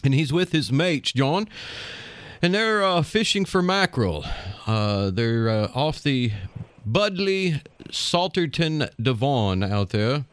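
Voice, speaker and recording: A man's voice: medium pitch, lively intonation, slow pace, clean tone, dry recording. A man co-hosting a radio show, telling a story in casual banter, rambling with lots of fillers and chuckles.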